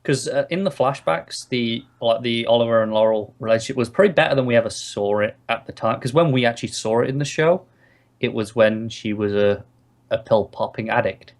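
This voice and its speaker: A man co-hosting a relaxed TV review chat. He is a little drunk and speaks with wry humor. He swears freely when he complains. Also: mid-range voice, brisk. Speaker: co-host.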